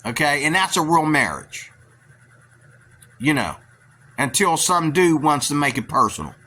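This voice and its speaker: Blunt man with a bright, tense voice. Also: a little high, sing-song, measured pace. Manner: blunt, opinionated, keeps asking "okay?". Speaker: video commentator. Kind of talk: rambling reaction commentary.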